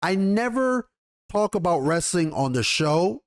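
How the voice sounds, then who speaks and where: A man's voice: high voice, sing-song, measured pace. A man hosting a commentary video, ranting heatedly with lots of swearing and rambling restarts. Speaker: YouTube commentary host.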